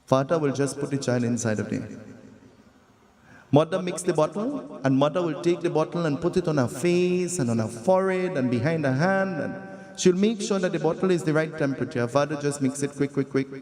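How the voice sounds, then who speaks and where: A man's voice: a little high, a little fast, darkish tone. A Trinidadian-accented man, a pundit, giving a devotional sermon, telling a story and asking his audience questions in a conversational way. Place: large hall at a festival celebration. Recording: long hall reverb.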